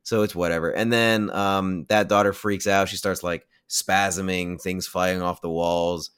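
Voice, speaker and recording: Here a low, steady male voice, slightly slow and fairly bright, smoothly rambles through a spoiler-filled film recap on a podcast. He leans hard on "like" and drops blunt opinions, and the clean studio recording has no echo.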